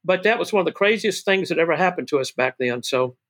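Older man, excitable interview guest, high bright voice. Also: quick pace. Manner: excitable, shouts "woo", calls people baby and brother. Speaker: guest, former wrestling manager. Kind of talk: animated storytelling interview.

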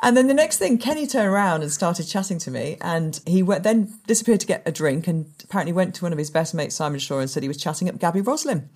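A woman in her fifties, a sports presenter, telling animated, rambling stories as an interview guest. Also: lowish voice, fast, few pauses. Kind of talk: anecdotal interview chat.

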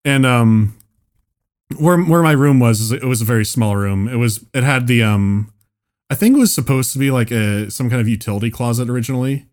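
A man on a relaxed comedy podcast spins out a story in loose, rambling sentences. He stops and restarts often, laughs through his own lines, and swears freely, in an easy middle pitch. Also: a little fast. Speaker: podcast co-host.

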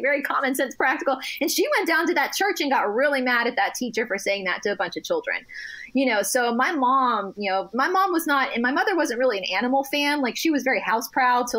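A young woman chats on a podcast in an animated, quick-changing way. Her voice sits high and lively, she laughs easily, and she keeps restarting her sentences. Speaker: guest. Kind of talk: casual chat.

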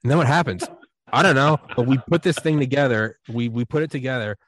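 A man chatting on a podcast, telling a rambling story with animated energy, acting out quoted voices and swearing freely. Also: mid-range voice, fast talker, dry recording. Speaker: podcast host. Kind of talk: casual podcast chat.

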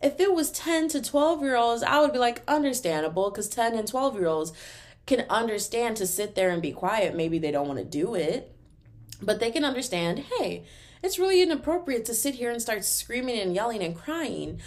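A young adult woman from Texas with a Texan accent, hosting a podcast in a casual, animated solo rant full of fillers. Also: a little high. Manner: animated, exasperated, talks fast with many fillers. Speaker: podcast host.

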